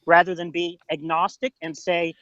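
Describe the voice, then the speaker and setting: A man's voice: a little high, little pitch movement, normal speed, pushed and bright, no room sound, dull audio. A man in a heated debate who presses his opponent with pointed questions, repeating "right?" to drive his points home. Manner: insistent, interrogating, repeats "right?". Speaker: debater defending a theory.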